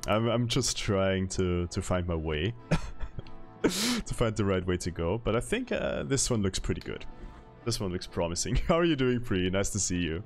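Man, streamer, very low voice, lively pitch, casual chatty gameplay talk, quick laughs. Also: faint music behind. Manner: chatty, reads chat aloud, laughs often.

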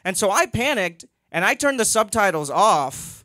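Young male comic, stand-up set, dry storyteller, slightly high voice, close dry sound. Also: big pitch swings, moderate pace, pushed and bright, no echo. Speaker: stand-up comedian. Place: comedy club.

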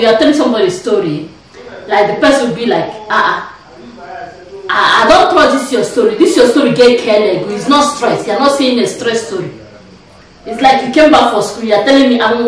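A woman's voice: a little high, far from the mic. A woman with a Nigerian accent, chatting and teasing in a casual family vlog, laughing often. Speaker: vlog host, mother. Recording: echoey room, off-mic.

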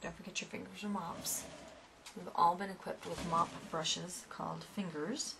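A woman's voice: fairly low pitch, fairly even intonation, normal speed, gravelly, background noise. A woman giving a step-by-step painting lesson in a chatty way, with asides to her students. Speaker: painting instructor. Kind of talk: painting tutorial.

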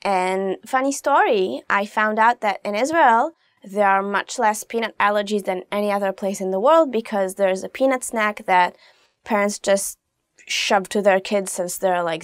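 A woman teaching phrases in a casual video lesson, chatty and quick to laugh, dropping into soft asides now and then. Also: medium pitch, no echo, studio quality. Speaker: language teacher.

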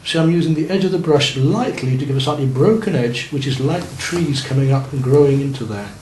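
A man's voice: mid-range voice, brisk, darkish tone. A man teaching a beginners' painting lesson, guiding and encouraging students in a classroom as he works. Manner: coaching and encouraging, checking on students' work. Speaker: art teacher. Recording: roomy room with faint noise.

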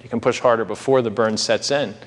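A man's voice: medium pitch, fairly even intonation, brisk. A man preaching a sermon in a conversational way, with asides to the congregation. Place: church sanctuary. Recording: long hall reverb.

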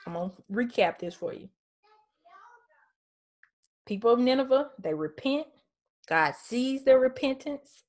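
A woman teaching a casual Bible study at home, talking in a conversational, emphatic way and reading scripture aloud. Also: medium pitch.

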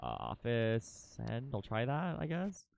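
A young adult livestreamer giving excitable, casual commentary during gameplay, thinking aloud, swearing freely and chatting with viewers. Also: medium pitch, a little slow, creaky, dry recording, studio quality.

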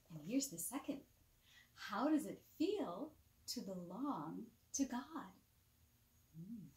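Woman doing a kids bedtime bible lesson, high lively voice, coaxing, echoey room. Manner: animated, coaxing, asks children questions, drops to soft whispers. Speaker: children's devotional presenter. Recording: roomy echo.

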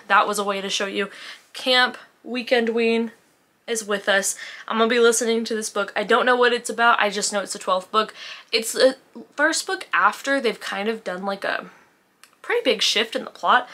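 A woman talks straight to her viewers in a loose, rambling vlog chat. Her voice is bright and forward, and she keeps tossing in self-deprecating asides between plans. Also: fairly high pitch. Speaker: book vlogger.

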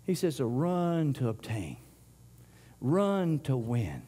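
A man preaching a sermon in church, impassioned, swinging between loud surges and quiet stretches, often stumbling and repeating words. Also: medium pitch, very animated, takes it slowly, slightly rough.

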